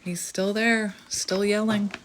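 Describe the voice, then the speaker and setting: A woman's voice: medium pitch, flat delivery, slow, background noise. A woman chatting casually as she gives a tarot reading, laughing often and thinking aloud. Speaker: tarot reader.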